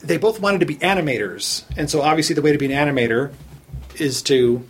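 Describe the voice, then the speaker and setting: A man telling a long, funny story in casual conversation, animated and self-mocking, laughing at his own jokes. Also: on the high side, quick pace, slight background noise. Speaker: storyteller on a chat show.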